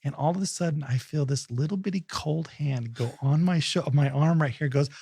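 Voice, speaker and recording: Higher-voiced man telling a story. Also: moderate pace, vocal fry, husky, dry recording, studio quality. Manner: animated storyteller, acts out quotes. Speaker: podcast co-host. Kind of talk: casual podcast chat.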